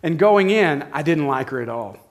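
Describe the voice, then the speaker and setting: A middle-aged pastor with a fairly high, animated voice preaches at a normal speed. He tells a personal story conversationally, addressing his listeners directly.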